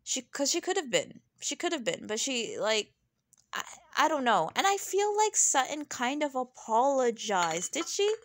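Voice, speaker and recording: A young woman talks through a reality TV episode in a loose, chatty vlog style. Her voice sits high, and she is sassy and animated, breaking into laughing asides. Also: moderate pace. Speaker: reality TV recap vlogger. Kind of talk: casual chatty commentary.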